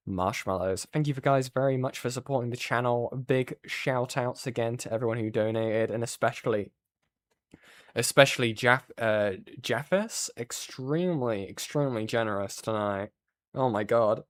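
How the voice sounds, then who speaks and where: A man's voice: mid-range voice, no echo. A man hosting a livestream, commenting casually with swearing and exasperated asides. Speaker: streamer host.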